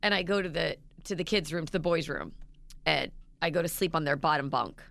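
A woman's voice: expressive, brisk, vocal fry, fairly bright tone, dry recording. A woman in her thirties co-hosting a radio show, telling a story with dramatic, acted-out quotes. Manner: dramatic, acts out quotes with big pitch jumps.

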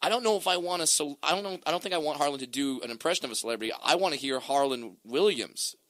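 A man hosting a comedy podcast, chatting in a playful, lively way. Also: fairly high pitch, fast, no room sound. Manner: lively, playful, prone to loud comic outbursts. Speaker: podcast host. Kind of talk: casual chat.

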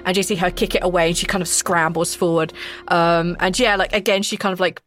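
A woman's voice: fairly low pitch, fairly even intonation, fast, fairly bright tone, soft background music. A woman narrating as game master in a casual tone, full of fillers. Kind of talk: narrating a tabletop role-play.

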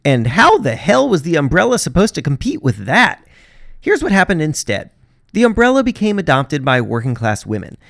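A man's voice: a little high, wildly swooping pitch, normal speed, vocal fry, a bit bright, no echo, clean studio sound. A man hosting a podcast, narrating from a script with wry, sarcastic asides. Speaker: podcast host.

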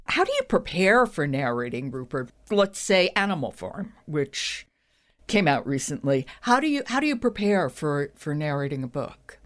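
A woman with a lowish voice asks her guest questions with a lively, swinging pitch. She sounds curious and admiring as she leads the interview. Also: normal speed.

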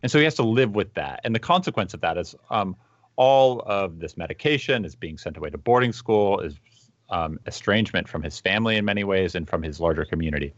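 A man co-hosting a podcast over a video call, musing aloud with many fillers and telling stories in an animated way. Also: deep voice, a little fast, no echo, muffled recording. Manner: thoughtful, animated storytelling with frequent fillers. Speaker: podcast co-host. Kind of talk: casual conversational discussion.

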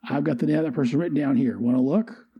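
A man's voice: medium pitch, quick pace, breathy edge, lo-fi sound. A man voicing a tough, controlled female government boss in a blunt, businesslike way while reading a comic aloud. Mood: cool.

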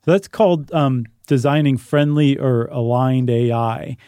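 A man's voice: mid-range voice, a little slow, mellow, smooth, no echo, clean studio sound. A man co-hosting a casual podcast, explaining ideas in an easygoing way and thinking aloud with fillers. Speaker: podcast co-host.

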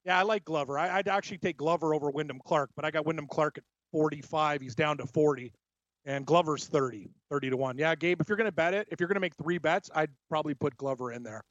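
A man co-hosting a casual sports betting show, an animated storyteller giving his picks. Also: a little high, quick pace, dry recording. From Scotland. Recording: dry, dull lo-fi sound.

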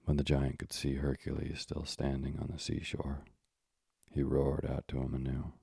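A man narrating a classic storybook in a measured, old-fashioned way, pausing for moralizing asides. His voice is extremely deep and dark, with heavy fry, and it barely rises or falls. The recording is close and dry. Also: completely flat delivery, dry recording.

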